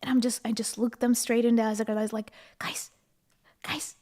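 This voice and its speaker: Lively high-voiced streamer woman. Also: fast talker. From Ukraine. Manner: lively storyteller, reads chat aloud, laughs often. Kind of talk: casual live-stream chat.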